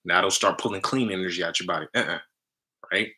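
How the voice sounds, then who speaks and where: A man with a very low voice teaches on a casual live stream. His delivery is forceful and punchy, with a tense edge. He speaks in loose fragments and keeps checking in with "right?". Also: fast talker, poor audio. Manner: talks in loose fragments, tags lines with "right?"; energetic, emphatic. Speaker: spiritual healer hosting a live stream.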